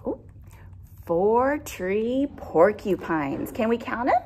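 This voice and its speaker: A woman reading a picture book aloud to a young child, gently asking questions along the way. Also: on the high side, very animated, slow, noisy background. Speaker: storyteller for children.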